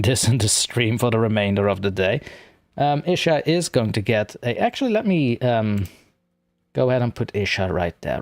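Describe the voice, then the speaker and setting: A male streamer chats loosely with his viewers, mocking himself as he fumbles through his software and talks things through aloud. His voice sits in a middling range, and the recording is close and dry with no room sound. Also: medium pitch, dry recording. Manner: rambling, self-mocking, talks to himself while fiddling with software. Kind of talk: casual live-stream chat.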